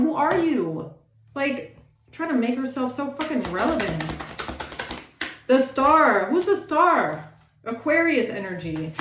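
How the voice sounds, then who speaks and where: A woman giving a casual tarot reading, animated and sassy, swearing often and acting out the people she talks about. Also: high voice, echoey room, slight background noise. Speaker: tarot reader.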